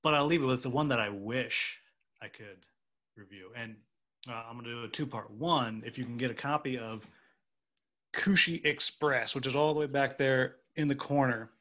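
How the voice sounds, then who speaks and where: A man's voice: medium pitch, normal speed, a bit bright. Guy hosting a chat, rambly and jokey, slightly dull audio. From United States. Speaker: host, stage actor. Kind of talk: casual interview chat.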